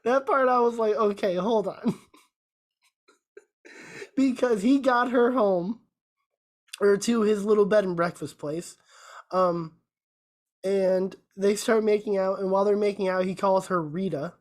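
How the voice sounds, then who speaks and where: A woman's voice: medium pitch, fairly even intonation, measured pace, pauses often, darkish tone. Chatty woman recapping a film. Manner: rambling retelling with filler words. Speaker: podcast co-host. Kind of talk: casual chat.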